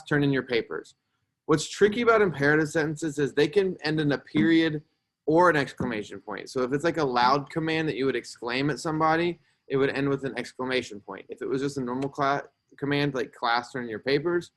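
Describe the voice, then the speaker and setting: A man's voice: mid-range voice, fast. A young man teaching a grammar lesson to a class, explaining patiently and checking in with "right?" as he goes.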